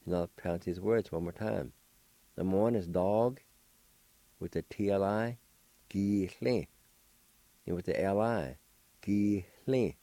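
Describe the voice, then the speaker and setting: Brief: middle-aged male radio language teacher, low mellow voice, slow, patient, repeats words. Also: no echo. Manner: patient, spells words letter by letter and repeats them. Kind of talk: radio vocabulary lesson.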